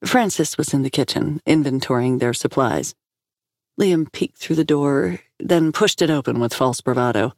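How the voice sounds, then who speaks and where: A woman's voice: rumbling low, moderate pace, darkish tone, dry recording. A woman narrating a fiction series in a scripted style, close to the mic. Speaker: audiobook narrator.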